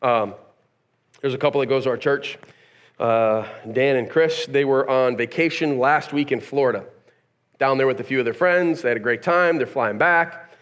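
A man's voice: medium pitch, normal speed, fairly bright tone. A male pastor preaching a sermon in a casual, conversational way, firing rhetorical questions at the congregation and acting out bits of dialogue as he tells stories. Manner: conversational, acts out quoted dialogue; casual slang, storytelling.

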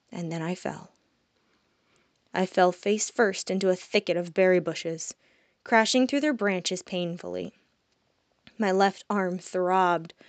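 A woman narrating a first-person fantasy story, soft-spoken and dropping quiet on reflective moments. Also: medium pitch, dry recording. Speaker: audiobook narrator.

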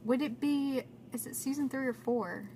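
A woman's voice: high voice, moderate pace, mellow, a little hiss or hum. A young woman co-hosting a podcast in casual chat, rambling and self-deprecating. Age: young adult. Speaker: podcast co-host.

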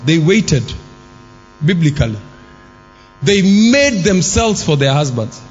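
A man preaching a sermon in church. He fires rhetorical questions at the congregation and breaks into shouts. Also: on the high side, very animated, slow. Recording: long hall reverb with faint music.

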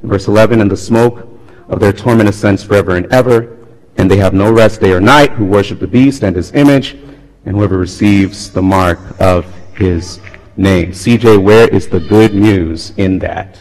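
A man's voice: lowish voice, moderate pace. Man preaching with a long hall echo. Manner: dramatic preaching, swinging between loud appeals and hushed tones. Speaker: pastor. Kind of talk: sermon. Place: church sanctuary. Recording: long reverb of a large hall.

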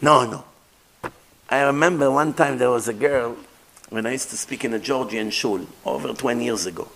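A middle-aged man giving a storytelling sermon as a rabbi, animated, acting out dialogue and mixing in Hebrew terms. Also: medium pitch, normal speed, vocal fry, slight background noise. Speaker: rabbi lecturer.

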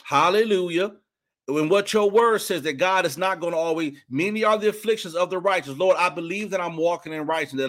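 A male preacher with a high voice delivers a fervent sermon in easy, colloquial speech. He moves between teaching and spoken prayer and lets out sudden soaring shouts of praise.

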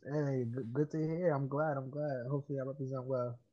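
A young man from Harlem talks as a guest in a casual chat, halting and full of fillers. His voice comes through a dull, lo-fi earbud mic. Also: mid-range voice, steady tone. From Harlem, New York City. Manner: hesitant with many fillers and restarts. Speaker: podcast guest. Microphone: cheap wireless earbuds.

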